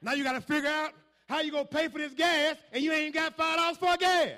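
High-pitched male preacher, call-and-response sermon, swings from low murmurs to shouting. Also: fairly even intonation, fast talker.

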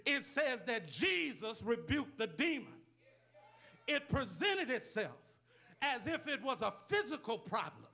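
A man's voice: very high-pitched, very animated, unhurried, sharp tone. A male pastor preaching a sermon with call-and-response, repeated amens and rhetorical questions to the congregation.

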